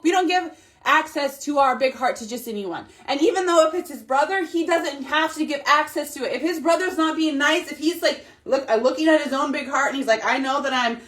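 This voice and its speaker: A woman's voice: high voice, fairly quick, fairly bright tone. A woman in her thirties, a mom talking casually and animatedly to her followers, emphatic and repetitive. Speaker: mom vlogger. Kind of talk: casual motivational monologue.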